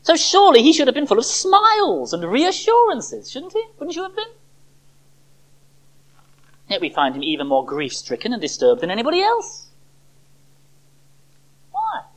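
A preacher giving a sermon to a church service, expressive, with dramatic pauses and rhetorical questions. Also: sits high, low-quality recording.

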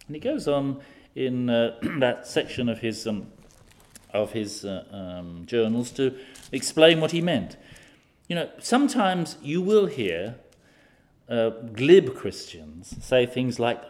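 A man's voice: medium pitch, big pitch swings, slow, a little mellow. A man preaching a sermon, posing rhetorical questions with occasional fillers.

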